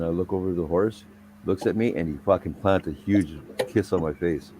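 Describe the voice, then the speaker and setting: A man with an extremely deep, dark voice rambles through a story in casual chat. He swears constantly and talks in loose, looping sentences. Faint noise sits behind him. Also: moderate pace, poor audio. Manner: profane, rambling anecdotal delivery.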